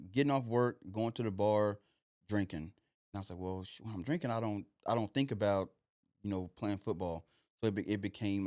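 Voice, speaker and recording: A young man talks in a loose, rambling way, leaning on "like" and "you know." His voice sits on the low side and sounds close and dry, with no room around it. He is a podcast guest telling his own story. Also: a little mellow, no echo. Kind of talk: casual storytelling.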